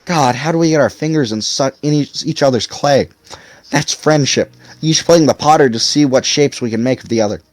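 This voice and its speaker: A man's voice: mid-range voice, moderate pace, no echo. A man reading a novel aloud expressively as audiobook narrator. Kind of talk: scripted narration.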